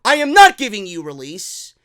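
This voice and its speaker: A man's voice: high-pitched, huge pitch swings, moderate pace, a bit bright, full character voice. A man voicing a furious, spiteful company boss who snarls profanity.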